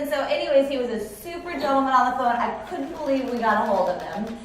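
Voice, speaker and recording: Speaking quickly with hardly any pauses and lively intonation, this slightly high-voiced woman is a company president from California, in her forties, delivering a keynote in a conference hall. She tells stories in a chatty way, restarting sentences; the echoey recording comes from a distant mic with slight background noise.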